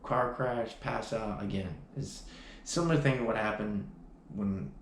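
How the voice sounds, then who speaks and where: A man's voice: fairly low pitch, measured pace. A man vlogging a personal story, talking emphatically with frequent restarts and fillers. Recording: echoey room, faint background noise.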